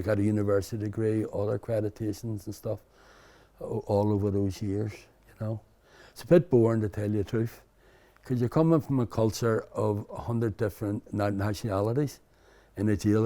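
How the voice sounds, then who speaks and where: Older Belfast man, low mellow voice. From Belfast, Northern Ireland. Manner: rambling, frequent restarts and "you know". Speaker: interview guest. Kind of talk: candid storytelling conversation.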